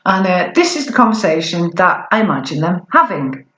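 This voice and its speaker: A woman performing spoken-word poetry with a defiant, deliberate, drawn-out delivery. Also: on the low side, sing-song, fairly bright tone. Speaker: performance poet. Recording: echoey room.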